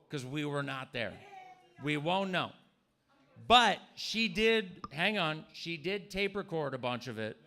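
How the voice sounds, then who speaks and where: Guy doing raunchy stand-up, gravelly bright voice, kinda high, club crowd. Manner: crude, provocative, jumps into mocking voices. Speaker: stand-up comedian. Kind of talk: stand-up set. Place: comedy club stage.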